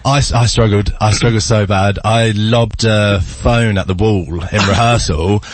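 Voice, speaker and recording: A man's voice: lowish voice, steady tone, a little slow. A man, a singer and actor, chatting as a radio guest and telling stories with frequent laughs. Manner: laughs often, tells stories. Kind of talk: casual interview chat. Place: radio studio.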